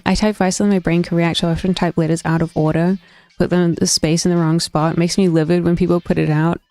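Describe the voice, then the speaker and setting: Chatty young woman streamer, mellow voice. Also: lowish voice, little pitch movement, fast, no room sound. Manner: chatty, opinionated, thinks aloud with many restarts. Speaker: gaming streamer. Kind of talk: casual chat reacting to stream chat. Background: faint stream background music.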